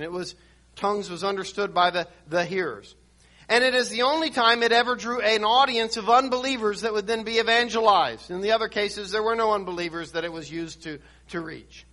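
Male preacher, high and bright, teaching sermon, emphatic, restarts often. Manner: reads and explains scripture verse by verse.

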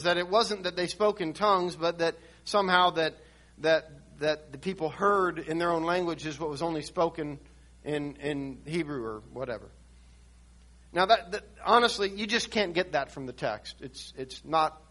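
Male preacher, high and bright, teaching sermon, emphatic, restarts often. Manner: reads and explains scripture verse by verse.

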